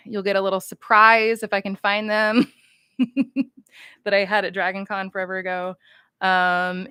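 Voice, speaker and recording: A woman's voice: medium pitch, fairly bright tone, smooth, dry recording, studio quality. A woman chatting casually and playfully on a livestream as she signs cards, rambling as she writes. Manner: chatty, rambling, talks while writing; playful and upbeat. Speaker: voice actress signing cards on a livestream.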